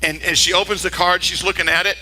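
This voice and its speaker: An older man preaching a sermon as a pastor, telling a story with lively, acted-out character voices. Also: quick pace, rough recording. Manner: animated storytelling, acting out characters in high voices.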